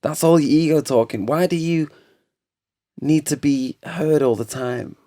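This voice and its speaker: A man's voice: fairly high pitch, measured pace. Laid-back male podcast host, rambling. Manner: rambling, animated storytelling with laughs. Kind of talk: casual chat. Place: studio couch.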